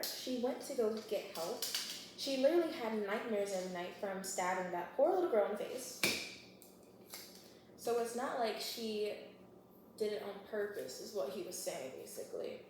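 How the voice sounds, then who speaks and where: A woman vlogger chattily recapping a book in a slangy, animated way while baking in her home kitchen. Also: on the high side. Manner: chatty, slangy, animated retelling with quick voiced quotes. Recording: very echoey room with clear background noise.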